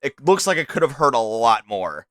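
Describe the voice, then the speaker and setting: A young man as game master of a streamed tabletop game, casual and excitable, swearing freely as he describes the action. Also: medium pitch, moderate pace, dry recording.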